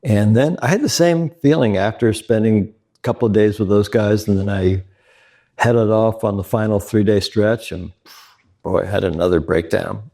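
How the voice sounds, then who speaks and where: Low gravelly guy telling stories in an interview, candid, laughs a lot. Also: moderate pace. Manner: animated, laughing, candid storyteller. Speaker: guest. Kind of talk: casual interview storytelling.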